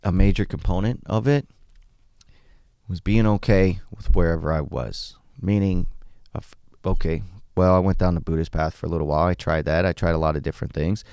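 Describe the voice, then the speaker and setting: Low gravelly man, blunt and candid. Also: fairly quick, no room sound, studio quality. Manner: blunt, swears freely, animated retellings. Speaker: podcast guest. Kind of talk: candid conversational storytelling.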